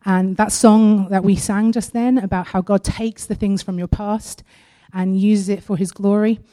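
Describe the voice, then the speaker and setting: A woman sharing a personal testimony at a church service, earnest and halting, partly reading aloud from her own writing. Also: mid-range voice, steady tone, warm tone. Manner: earnest and halting, with frequent pauses.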